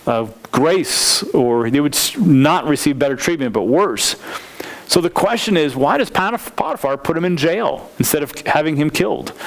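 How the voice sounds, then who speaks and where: A man preaching, teaching a Bible passage verse by verse, reading scripture slowly and stopping to explain and restate his points. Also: on the high side. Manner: reads scripture slowly and deliberately. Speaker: pastor.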